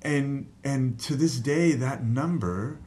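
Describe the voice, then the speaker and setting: A man telling a personal story in casual talk, animated, laughing at times and swearing freely. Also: mid-range voice, slow pace. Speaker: guest telling a life story.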